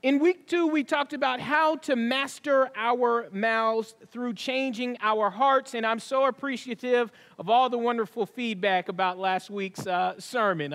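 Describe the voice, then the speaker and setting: A man's voice: extremely high pitch, fairly bright tone, big-room sound. A man preaching a sermon to a congregation, conversational and folksy, with asides and laughs. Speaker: pastor. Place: church sanctuary.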